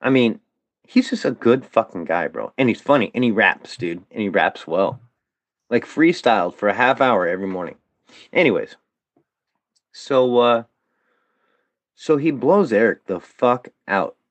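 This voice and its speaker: Animated, profane man telling a story. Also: on the low side, a little slow, pauses often, dry recording. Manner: profane, animated, peppers speech with "dude" and "bro". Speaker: podcast guest. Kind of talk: casual storytelling.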